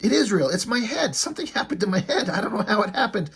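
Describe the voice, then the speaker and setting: A man's voice: very animated, fast talker, vocal fry, fairly bright tone, breathy edge, heavily acted. A man voicing a panicked guy who woke up with a cheeseburger for a head, yelping in frantic bursts. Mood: insistent. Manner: frantic, high-pitched yelping.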